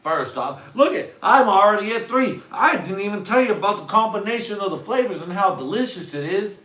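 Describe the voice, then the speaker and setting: A man voicing a brash, excitable guy who raves about his favorite dish. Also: sits high, brisk, echoey room, distant mic, slight background noise, voice pushed up. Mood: hyped. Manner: brash, hyped-up, insistent. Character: loud excitable man raving about poutine.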